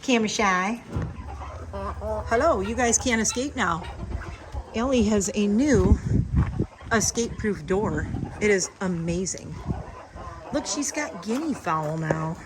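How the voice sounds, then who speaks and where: A woman's voice: mid-range voice, animated, slow, long pauses, noisy background. A woman in a casual outdoor vlog, rambling and self-deprecating, and cooing at farm animals. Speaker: vlogger.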